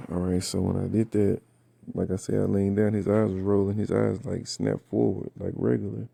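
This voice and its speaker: Low, gravelly man with a just-woke-up rasp. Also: normal speed, no echo. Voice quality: raspy. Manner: slangy, profane, animated retelling with many fillers. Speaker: vlogger recounting a dream. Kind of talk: casual storytelling.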